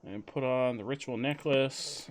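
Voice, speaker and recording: A man's voice: mid-range voice, a little slow, a little hiss or hum. A man streaming a game, joking around and reading the on-screen text aloud with dramatic flair. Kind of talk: casual gameplay commentary.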